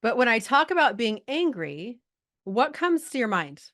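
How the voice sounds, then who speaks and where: A woman's voice: on the high side, big pitch swings, normal speed, fairly bright tone. A middle-aged woman leading a live coaching call, chatty and filled with likes and rights as she talks straight to her group. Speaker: business coach.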